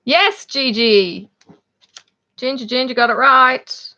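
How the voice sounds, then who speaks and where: A woman's voice: high-pitched, takes it slowly, pushed and bright. Chatty Irish woman hosting a livestream. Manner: chatty, laughs often, reads out viewers' names. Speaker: livestream host. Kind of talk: casual live chat with viewers. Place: home, in Australia. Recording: dull lo-fi stream audio.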